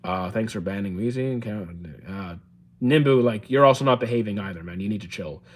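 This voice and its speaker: A young man, live-streaming and casually answering chat questions, chatty and relaxed with lots of fillers and restarts. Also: lowish voice, brisk. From Canada.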